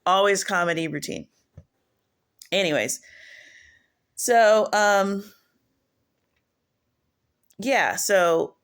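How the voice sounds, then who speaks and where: A woman's voice: mid-range voice, creaky, a bit bright. A woman preaching casually in a home video, rambling and digressive, often restarting her sentences. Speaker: online prophetess.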